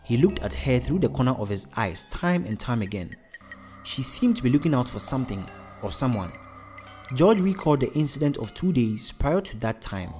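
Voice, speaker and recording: A man's voice: mid-range voice, sing-song, normal speed, warm tone, faint music behind. Man reading a storybook aloud. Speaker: narrator. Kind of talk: storybook narration.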